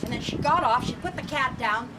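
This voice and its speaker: A woman storyteller telling a tale to children in an animated way, quizzing the audience as she goes, filmed from afar on an outdoor festival stage. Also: on the high side, a little fast. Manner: animated, asks the audience questions. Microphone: far camera. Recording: distant camera, outdoor crowd noise.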